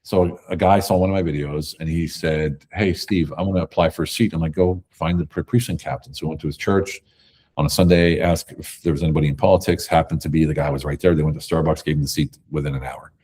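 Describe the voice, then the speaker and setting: Deep-voiced guest, husky and dark, emphatic storyteller. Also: male voice, quick pace. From America. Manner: emphatic, animated storytelling with acted quotes. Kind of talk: conversational interview.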